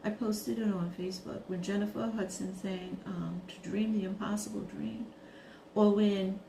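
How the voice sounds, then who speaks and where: A woman from Brooklyn, talking casually as a craft vlogger, reminiscing and then turning animated. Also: mid-range voice, normal speed, creaky, roomy sound, a little hiss or hum. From Brooklyn, New York. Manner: chatty, reminiscing, rises to animated scolding. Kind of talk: casual monologue while crafting.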